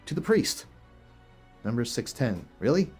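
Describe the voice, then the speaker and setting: A man's voice: medium pitch, sing-song, a little slow, darkish tone, breathy edge, soft background music. A man hosting a video, reading verses aloud and reacting with incredulous, chuckling rhetorical questions in casual commentary. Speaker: video host.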